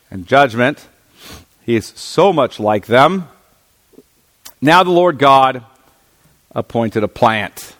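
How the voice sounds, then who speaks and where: A middle-aged man teaches through a scripture passage in a sermon. He reads each verse aloud, then unpacks it in plain conversational terms, often pausing to check that his listeners follow. His voice sits at an average pitch for a man. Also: a bit bright. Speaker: preacher. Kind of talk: expository Bible teaching.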